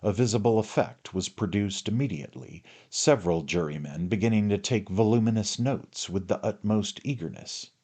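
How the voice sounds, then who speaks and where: A man narrating a classic novel in a measured, formal reading. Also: fairly low pitch, darkish tone. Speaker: audiobook narrator.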